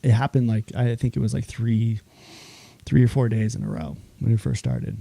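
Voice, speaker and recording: A man, a chef, chatting as a podcast guest, telling animated stories, acting out quoted dialogue and laughing often. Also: medium pitch, moderate pace, vocal fry, husky, dry recording. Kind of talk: casual interview chat.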